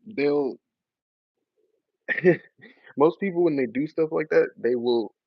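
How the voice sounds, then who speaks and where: A man's voice: on the high side, moderate pace, gravelly, no room sound. A young man chatting casually with his live-stream viewers in a loose, slangy way, often laughing as he talks. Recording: dry, slightly dull lo-fi audio.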